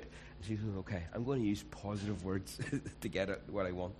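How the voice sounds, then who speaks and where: A man's voice: on the low side, steady tone, brisk, few pauses, a little mellow, a little hiss or hum, low-quality recording. A man, preaching a conversational sermon and acting out quoted voices.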